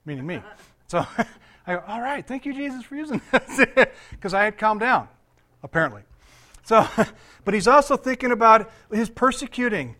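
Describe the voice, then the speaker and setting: A man's voice: high-pitched, sharp tone. An older man, a pastor, giving a conversational sermon, laughing often and quizzing his congregation.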